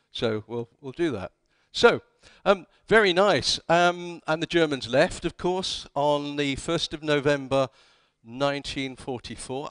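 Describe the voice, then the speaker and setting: A man's voice: medium pitch, fairly bright tone, smooth, dry recording. A man giving a conference talk, telling history as wry anecdotes and acting out the quoted dialogue. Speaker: conference speaker. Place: conference hall.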